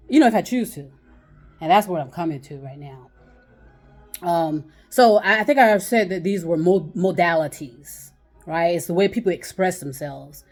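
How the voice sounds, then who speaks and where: A woman with a fairly low voice talks straight to her viewers without a script. She rambles from thought to thought, blunt and profane, often breaking into a laugh before going on. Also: warm tone. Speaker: channel host giving communication tips. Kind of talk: unscripted casual monologue.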